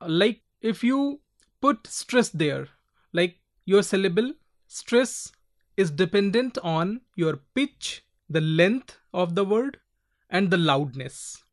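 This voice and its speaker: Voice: medium pitch, sing-song, slow pace. A teacher giving a recorded pronunciation lecture to learners, spelling out word endings letter by letter and repeating each example word several times.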